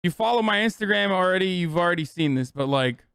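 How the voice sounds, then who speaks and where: A man's voice: high-pitched, lively intonation, quick pace, fairly bright tone, clean tone, no room sound, clean studio sound. A man in his thirties telling a rambling, sarcastic, profane story on a casual livestream. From United States. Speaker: streamer.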